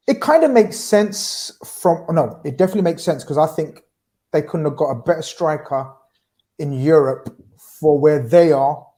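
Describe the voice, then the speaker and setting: A man hosting a casual football chat on a livestream, animated, repeating himself and firing off questions. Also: fairly high pitch, normal speed. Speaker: host.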